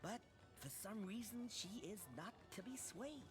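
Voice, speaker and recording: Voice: medium pitch, expressive, unhurried, music in the background, natural voice. An actor voicing a lovesick talking cat in a video game, earnest and plaintive. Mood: lovelorn.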